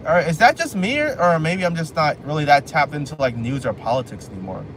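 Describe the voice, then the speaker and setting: A man's voice: on the high side, expressive, fast talker, a bit bright. A man live streaming while he drives, rambling casually and joking at himself. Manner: rambling, self-joking, repeats phrases. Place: inside a car on a highway. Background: faint road and car noise.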